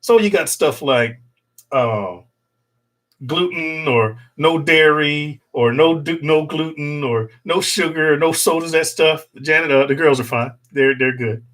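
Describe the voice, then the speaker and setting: Middle-aged guy rambling on a home livestream, kinda high voice, jokes around and laughs a lot, usb desk mic. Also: measured pace, a bit bright. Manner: jokey, rambling, laughs often. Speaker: channel host. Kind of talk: casual livestream chat with viewers. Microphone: desktop USB microphone.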